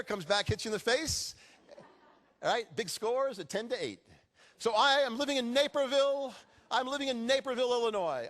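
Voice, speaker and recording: A middle-aged man giving a motivational speech to a live audience, telling stories with jokes. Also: very high-pitched. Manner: animated storytelling with jokes. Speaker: keynote speaker.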